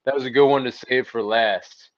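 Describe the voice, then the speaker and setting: A man's voice: medium pitch, steady tone, moderate pace. A man chatting on a livestream panel, laid-back and slangy, searching for his words. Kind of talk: casual livestream panel chat. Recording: dull lo-fi online mic.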